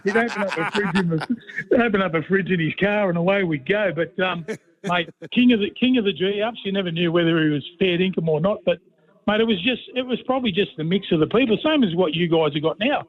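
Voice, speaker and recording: A middle-aged Australian man, a former player turned commentator, chatting on the radio and telling rambling, matey yarns. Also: sits high. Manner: rambling, matey, fond of a yarn. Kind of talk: casual radio chat. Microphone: phone call. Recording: tinny phone line.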